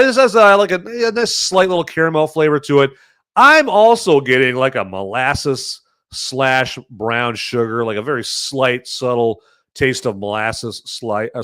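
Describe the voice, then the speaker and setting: A chatty male podcast host with a bright, forceful tone, recorded dry and close. He rambles and corrects himself as he goes, punching some words and muttering others under his breath. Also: mid-range voice, clean tone, no room sound. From American Midwest. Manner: rambling, self-correcting, chatty with lots of fillers; animated swings between loud emphasis and muttered asides. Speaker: podcast host reviewing movies and beer. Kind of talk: casual solo commentary.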